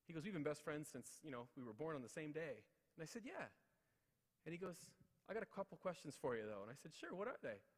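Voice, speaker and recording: A man's voice: a little high, lively intonation, quick pace. A man in his thirties giving a motivational speech, telling personal stories with repeated refrains and acted-out quotes. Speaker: keynote speaker. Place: large ceremonial hall at city hall. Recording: long hall reverb.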